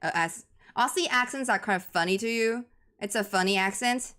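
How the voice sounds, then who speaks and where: A woman from Taiwan with a Taiwanese accent, a native Mandarin speaker, doing chatty, excitable live esports commentary in English. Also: medium pitch. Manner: excitable, chatty, quick to laugh and gasp. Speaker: esports caster.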